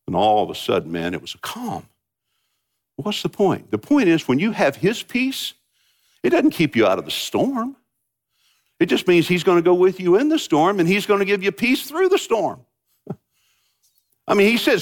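A man preaching a sermon, his voice sitting a little higher than most men's. He talks to the congregation in a relaxed, conversational way and drops in joking asides. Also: normal speed. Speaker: pastor.

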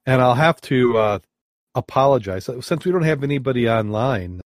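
A man's voice: medium pitch, expressive, no room sound, clean studio sound. Hesitant man hosting a podcast. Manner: halting, hesitant. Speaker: podcast host. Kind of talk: casual chat.

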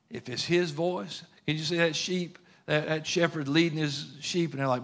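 A man's voice: fairly high pitch, fairly even intonation, measured pace, fairly bright tone. A man preaching a sermon in an earnest, conversational way, using plain everyday grammar.

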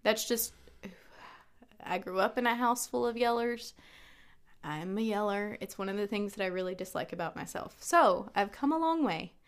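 A woman's voice: medium pitch, normal speed, clean tone. A woman in her thirties co-hosting a casual podcast chat, telling stories animatedly and acting out the quotes. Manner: animated storyteller, acts out quotes. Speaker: podcast co-host.

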